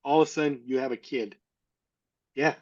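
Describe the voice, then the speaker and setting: A man's voice: mid-range voice, steady tone, moderate pace, a little mellow. A middle-aged man telling a personal story in an interview, candid and earnest, often stopping to restart and repeat his words. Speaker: interview guest. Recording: slightly dull lo-fi audio.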